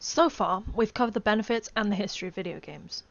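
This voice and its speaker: A woman giving measured, scripted documentary narration. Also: medium pitch, creaky, no room sound, highs cut off. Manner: measured, explanatory.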